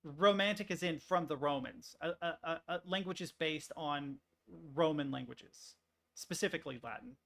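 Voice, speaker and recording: A male streamer with a slightly high, gravelly voice, chatting casually as he works. He rambles, restarts his sentences often and swears freely. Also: a bit bright. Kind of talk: casual rambling chat while working on stream.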